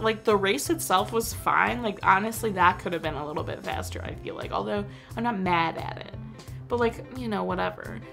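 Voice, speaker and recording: A woman's voice: mid-range voice, vocal fry. A young woman chatting casually as she reviews a movie for her vlog, filling her talk with "like.". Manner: chatty, full of "like" fillers.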